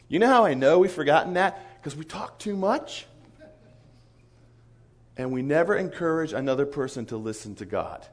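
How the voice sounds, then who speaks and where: A man giving a storytelling sermon as a missionary speaker, animated and acting out the voices of people in his stories. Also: on the high side. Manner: animated, acts out quoted voices. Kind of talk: storytelling sermon to a conference crowd.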